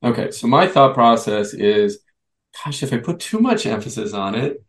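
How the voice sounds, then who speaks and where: A man's voice: mid-range voice, expressive, moderate pace, poor audio. A man hosting a youth basketball podcast, talking conversationally and thinking aloud with restarts. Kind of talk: podcast interview.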